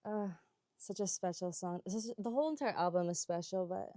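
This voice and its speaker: A woman's voice: lowish voice, brisk, mellow, dry recording. Chatty young woman coaching a workout. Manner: rambling, gushing, heavy use of "like". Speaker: yoga sculpt instructor. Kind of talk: live workout class with chatty asides.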